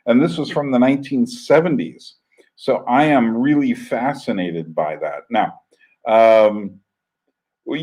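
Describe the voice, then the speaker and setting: A man talks casually as the host of an internet radio stream, in a voice of ordinary pitch for a man. He rambles from one memory to the next, doubling back on his words and filling gaps with "uh" and "um". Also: a little mellow, rough recording. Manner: rambling, with many fillers and restarts. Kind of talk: casual storytelling monologue.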